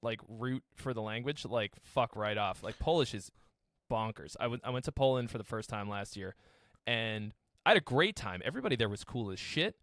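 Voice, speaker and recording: A man's voice: on the low side, expressive, fairly quick, fairly bright tone, no room sound, clean studio sound. A man from Massachusetts, a podcast guest, talking in a brash, joking way and swearing freely. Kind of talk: casual profane chat.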